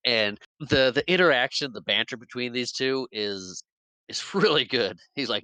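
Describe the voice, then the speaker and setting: A man hosting a casual podcast, retelling a film with lively energy. He often bursts into laughter and acts out the lines. His voice is bright and forward, and the recording is dry and close. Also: mid-range voice, normal speed, dry recording, poor audio. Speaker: podcast co-host.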